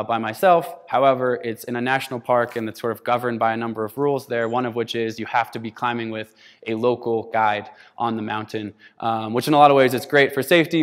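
An American man in his thirties delivers a storytelling keynote talk, his mid-range voice smooth against hall reverb. He animatedly acts out the quoted dialogue.

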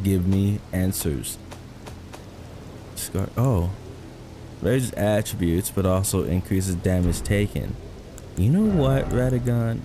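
A man giving casual, excitable gameplay commentary, swearing, joking and reacting loudly. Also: sits low, slow pace, long pauses, a little hiss or hum. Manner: excitable, swears, jokes and laughs. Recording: voice over game music.

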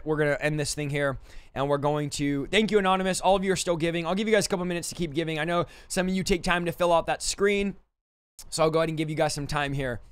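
A man hosting a livestream, quickly thanking donors and stumbling over names, a little out of breath. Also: high-pitched, clear, resonant tone, no room sound. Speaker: livestream host.

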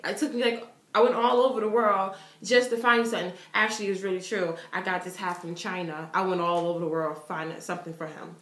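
A young woman vlogging, telling a story in an excited, chatty way, with lots of "like" fillers. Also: fairly low pitch, quick pace, echoey room. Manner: animated, chatty, full of "like" fillers.

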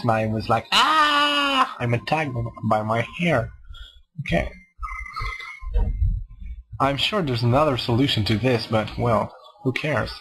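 A man's voice: mid-range voice, low-quality recording. A man casually commenting on his own gameplay, rambling and self-mocking as he talks to himself. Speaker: let's play gamer.

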